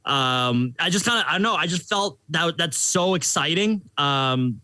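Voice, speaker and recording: Young man, podcast guest, casual rambling chat, bright, dry. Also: on the high side, expressive, unhurried, no echo. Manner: jokey, rambling, many fillers.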